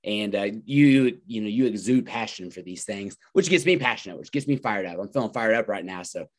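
Low-voiced, enthusiastic podcast host man. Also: lively intonation, brisk. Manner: enthusiastic, agreeable, conversational. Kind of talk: casual podcast conversation.

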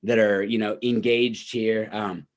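A man's voice: on the low side, little pitch movement, unhurried. A man hosting a casual interview, laid-back and encouraging. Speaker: podcast host and coach.

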